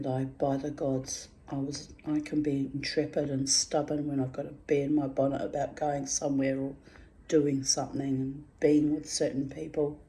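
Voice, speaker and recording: A woman's voice: deep voice, warm tone. A woman in a casual, rambling monologue, chatty and quirky, swearing freely and calling her listeners babies and darlings. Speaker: vlogger.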